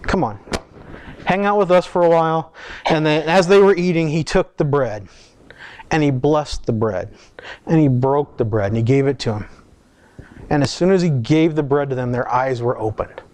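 A man preaching a sermon, retelling stories in a conversational way with lively quoted asides. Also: medium pitch, moderate pace. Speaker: pastor.

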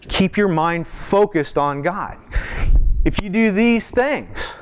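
A man with a slightly higher-pitched voice preaches to his congregation in a relaxed, conversational sermon. He poses questions to the room and stretches out key phrases for emphasis. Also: smooth. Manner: slows down and lifts pitch for emphasis. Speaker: pastor. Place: church.

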